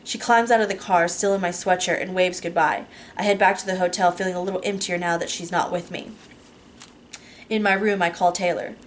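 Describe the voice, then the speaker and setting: Woman narrator, audiobook reading, lower voice, steady and unhurried, casual slips. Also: a little hiss or hum. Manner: steady, unhurried reading with small self-corrections. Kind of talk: first-person novel reading.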